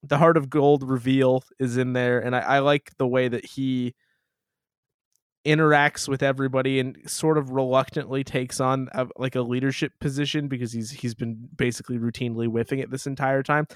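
A man co-hosting a casual movie review chat, rambling and halting, swearing and laughing often. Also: medium pitch, level tone, clear, resonant tone, dry recording, studio quality. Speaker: podcast co-host.

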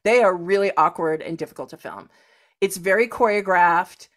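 A woman's voice: fairly low pitch, normal speed. A woman co-hosting a podcast in casual chat, acting out scenes with playful quoted voices and sound effects. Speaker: podcast co-host.

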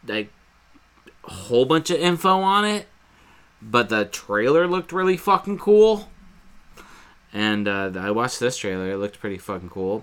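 A man's voice: fairly low pitch, bright, forceful tone. A man co-hosting a podcast, casually chatting and swearing as he rambles through a movie retelling. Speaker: podcast co-host. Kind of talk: casual chat.

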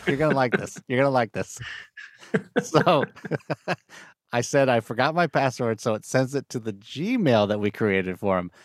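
Man, mid-pitched co-host, short dry quips, dry close mic. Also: animated, unhurried, no room sound. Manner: short dry replies, laughs along. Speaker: podcast co-host. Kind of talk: casual chat.

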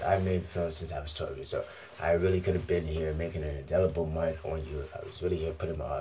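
A man's voice: low voice, a little hiss or hum. A man on an arena stage giving a profane, free-associating monologue into a handheld mic. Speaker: stage performer. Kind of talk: rambling freestyle monologue.

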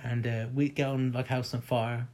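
A man's voice: medium pitch, little pitch movement, normal speed, a little mellow. A man casually telling a personal story, candid and rambling, with plenty of ums and the odd swear.

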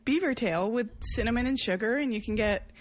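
A woman's voice: a little high, a little fast, a little hiss or hum. A woman from Canada, co-hosting a podcast in a chatty, giggly, casual way. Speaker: podcast co-host. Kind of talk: casual chat.

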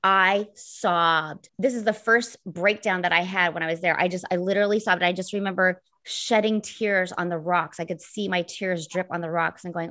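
A woman's voice: fairly low pitch, steady tone, normal speed, hardly any pauses, bright, forceful tone. A woman telling a long, earnest story of a pilgrimage in casual chat, rambling with many fillers.

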